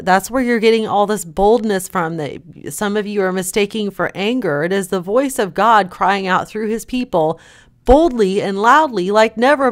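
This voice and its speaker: A woman hosting a Christian vlog, talking in a fervent, emphatic and scolding way. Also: mid-range voice. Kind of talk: preachy commentary vlog.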